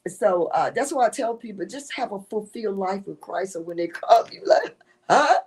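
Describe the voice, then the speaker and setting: A woman author, a guest in a casual interview, telling animated stories and often breaking into laughter. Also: mid-range voice, normal speed, slightly rough. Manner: animated storytelling with frequent laughter.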